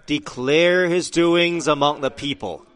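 Slow, emphatic male preacher. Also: fairly high pitch. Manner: slow, emphatic preaching that swells to loud cries. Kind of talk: sermon.

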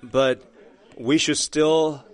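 Slow, emphatic male preacher. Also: fairly high pitch, fairly even intonation, clear, resonant tone. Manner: slow, emphatic preaching that swells to loud cries. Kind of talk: sermon.

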